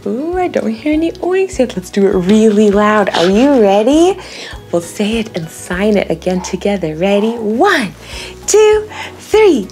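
A young woman leading a toddler learning video, talking slowly and cheerfully in exaggerated teacher tones. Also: medium pitch, sing-song, darkish tone, faint music behind. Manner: slow, exaggerated, cheerful teacher talk with animal noises. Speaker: children's educator.

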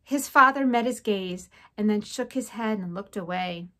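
Reading a children's novel aloud to her class from home, a woman teacher speaks clearly and expressively at medium pitch and a moderate pace.

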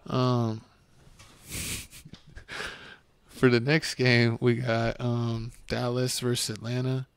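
A male podcast host with a crackly yet smooth voice talks sports in a flat, even tone. His jokes and insults come out blunt. The sound is close and dry. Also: mid-range voice, slow, no room sound. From Texas. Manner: joking, blunt trash talk. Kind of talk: casual sports chat. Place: home studio podcast.

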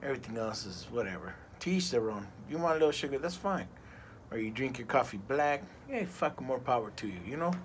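A man's voice: medium pitch, lively intonation, brisk, a little hiss or hum. A middle-aged man reviewing a cigar in a casual vlog, rambling and ranting with plenty of profanity.

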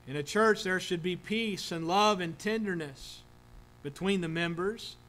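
A man's voice: high-pitched, unhurried, fairly bright tone, poor audio. A man preaching a sermon as pastor, earnest, with frequent restarts and filler words. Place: church sanctuary.

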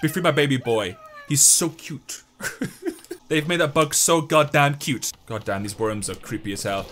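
A young man giving excitable, joking let's-play commentary while he talks to the game. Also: medium pitch, moderate pace. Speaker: gaming YouTuber.

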